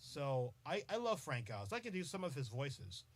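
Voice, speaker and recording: A man's voice: on the high side, sing-song, moderate pace. A man hosting a live podcast, chatting playfully with commenters and often breaking into giggles. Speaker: podcast host. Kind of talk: casual live-stream chat.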